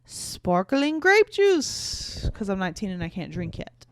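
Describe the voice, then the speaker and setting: A woman's voice: lowish voice, fairly even intonation, fast, no room sound, lightly acted. A woman reading her own teen-romance heroine, bubbly and playful, often in a clumsy fake French accent. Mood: mock-French.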